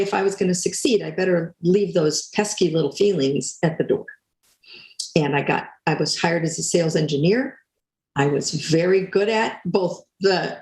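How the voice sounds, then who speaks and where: An older woman speaking as a guest, telling a story in a lively way and acting out quoted lines. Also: fairly low pitch, vocal fry, echoey room, rough recording. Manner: animated, acts out quotes. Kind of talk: storytelling talk.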